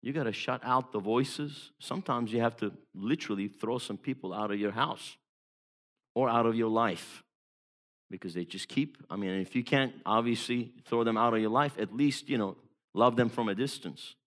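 A man preaching a sermon as an evangelist, emphatic, moving between hushed storytelling and loud exhortation. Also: mid-range voice, normal speed.

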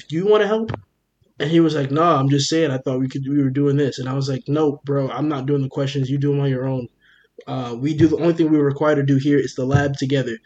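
A young man, a podcast co-host, telling a story in casual chat, animated and profane, acting out what everyone said. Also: medium pitch, lo-fi sound. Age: young adult. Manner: animated, profane, rapid retelling with quoted dialogue.

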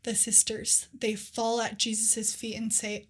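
A young woman co-hosting a faith podcast, telling scripture stories in an earnest, animated casual way with lots of "like.". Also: a little high, unhurried, breathy edge. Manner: earnest, animated storytelling with many "like"s. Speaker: podcast co-host.

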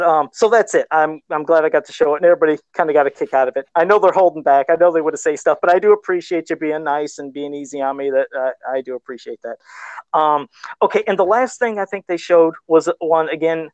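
A man's voice: fairly high pitch, quick pace, no echo, lo-fi sound. A man talking casually on a livestream about his first sculpted custom figure, self-deprecating and laughing often. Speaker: guest toy sculptor.

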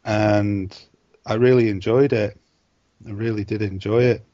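A man's voice: on the low side, fairly even intonation, measured pace, warm tone, no echo. A man co-hosting a podcast, chatting casually in a laid-back way, laughing often and trailing off mid-sentence. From northern England. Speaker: podcast co-host. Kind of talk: casual chat. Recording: dry, dull lo-fi mic.

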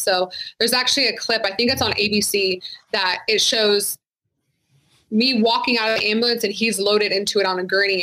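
A woman's voice: medium pitch, bright, forceful tone, rough recording. A woman who is a retired sheriff's deputy, speaking frankly and casually as a guest in an interview, with many "like" fillers. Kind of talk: candid interview conversation.

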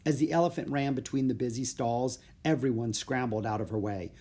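Husky man reading a children's story. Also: medium pitch, brisk. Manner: steady, plain storytelling. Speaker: narrator. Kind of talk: children's audiobook narration.

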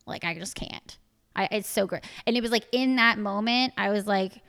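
A woman in her thirties trades stories on a podcast in loose, casual chat. She is dry and wry, swears freely, and fills her sentences with "like" at a mid-level pitch for a woman. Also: moderate pace, a bit bright. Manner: wry, profane, lots of "like" fillers. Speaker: podcast co-host.

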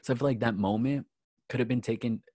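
A man co-hosting a podcast, recapping reality TV in a gossipy, animated way and acting out the cast's lines. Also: mid-range voice, quick pace, no room sound, clean studio sound. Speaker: podcast co-host. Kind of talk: casual reality TV recap chat.

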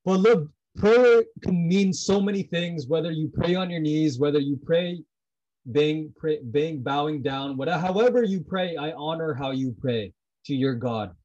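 Intense, husky man on a dull recording. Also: on the high side, moderate pace, darkish tone. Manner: intense, repetitive, blunt, swears freely. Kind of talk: heartfelt personal talk about prayer.

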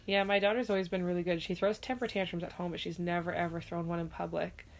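A woman's voice: fairly low pitch, level tone, fast talker. A woman, a mother, chatting casually and candidly, swearing freely and acting out quoted lines. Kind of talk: casual chat.

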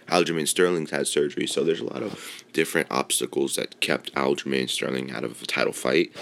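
In an extremely low, creaky voice, a male podcast host rambles through casual opinions on mixed martial arts, packing in fillers and swearing freely.

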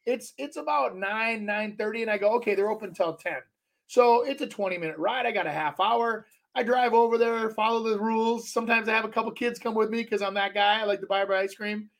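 A man's voice: high voice, a little fast, vocal fry, few pauses, a bit bright. A middle-aged man co-hosting a casual podcast, telling long rambling stories full of restarts. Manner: rambling storyteller, many restarts. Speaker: podcast co-host. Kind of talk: casual chat.

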